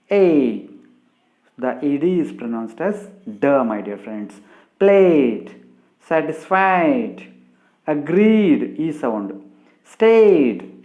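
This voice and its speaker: A man teaching English pronunciation slowly, spelling out sounds one by one and ending phrases with a friendly "my dear friends". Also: a little mellow, muffled recording. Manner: slow, deliberate, repeats "my dear friends", drops pitch at phrase ends. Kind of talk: slow classroom explanation.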